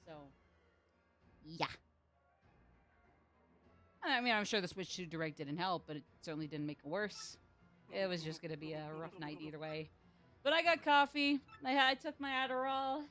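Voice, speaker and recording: A woman's voice: fairly low pitch, normal speed, pauses often, fairly bright tone, soft background music. A sleep-deprived young woman streaming a game, chatting casually in a rambling, self-deprecating way. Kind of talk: casual live-stream chat.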